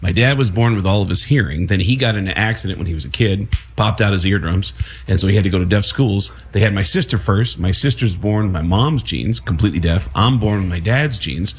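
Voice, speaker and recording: A male guest comedian on a talk show with a husky voice. He tells his stories in a rambling, animated way, often restarting sentences. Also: deep voice, fairly quick. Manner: rambling, animated storytelling with frequent laughs and restarts. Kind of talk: casual talk show storytelling.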